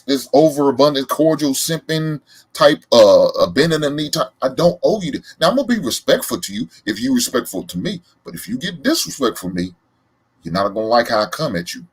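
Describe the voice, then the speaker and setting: Animated husky Southern man. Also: fairly high pitch. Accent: Southern American. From American South. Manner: animated, emphatic, loud laughs. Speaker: reaction show host. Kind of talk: casual reaction commentary.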